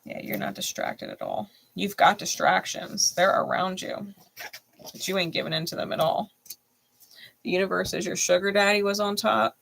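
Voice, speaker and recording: Gravelly-voiced woman hosting a tarot reading. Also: mid-range voice, fairly even intonation, normal speed, a bit bright. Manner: blunt and profane, laughs often; emphatic, repeats phrases. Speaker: tarot reader and channel host.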